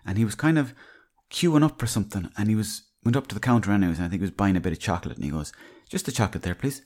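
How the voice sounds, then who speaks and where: A low-voiced Irish man talking on his own podcast. He wanders from one anecdote to the next in a loose, chatty way and swears freely as he goes. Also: rapid-fire, a little mellow. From Ireland. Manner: rambling, anecdotal, salty language. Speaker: podcast host. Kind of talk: casual storytelling monologue.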